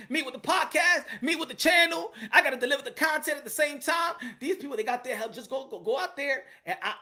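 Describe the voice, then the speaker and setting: Hosting a boxing channel livestream, a man with an extremely high-pitched voice chats casually in slang, animated and repetitive as he reads out messages from his chat.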